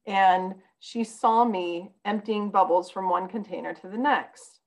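A woman's voice: medium pitch, measured pace, rough recording. A woman guest on a podcast, telling a personal story in an earnest, conversational way.

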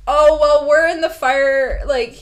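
A young woman with a high voice co-hosts a casual podcast chat. She tells stories animatedly, filling them with "like" and laughter. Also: slow pace. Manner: animated storytelling, full of "like" and laughter. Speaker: podcast co-host.

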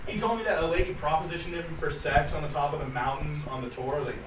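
A young man hosting a podcast in a studio, telling stories in a lively, swearing, casual way. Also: on the high side, fast, hardly any pauses, noisy background. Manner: animated storytelling, swearing, laughing often. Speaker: podcast host. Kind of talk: casual chat.

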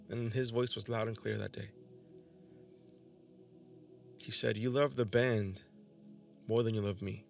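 A man's voice: lowish voice, gravelly. A young man hosting a podcast, telling his personal faith testimony in an emotional, earnest way. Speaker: podcast host.

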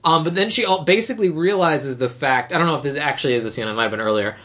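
A woman's voice: deep voice, racing, a bit bright. A woman co-hosting a casual podcast, recapping a movie in a rambling way and acting out the characters' lines. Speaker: podcast co-host.

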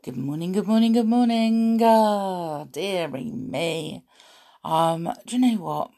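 A woman hosting a storytelling show, croaky from a sore throat, chatting playfully to young listeners. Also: on the low side, measured pace. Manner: playful, animated, with gasps and little laughs.

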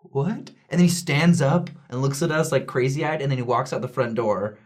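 A young man casually telling a story from his mission, animated and acting out the voices of people in it. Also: medium pitch, a little fast. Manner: animated, acts out voices in quotes. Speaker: returned missionary.

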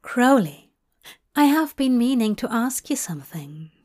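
A woman voicing Aziraphale, a nervous, eager young man who speaks softly and hopefully, in a fanfic reading. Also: a little high, sing-song, measured pace. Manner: soft-spoken, hopeful.

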